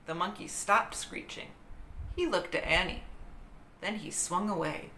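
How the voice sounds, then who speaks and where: A woman reading a children's book aloud in an expressive, dramatic storytelling manner. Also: on the low side, measured pace. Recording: roomy echo with faint hiss.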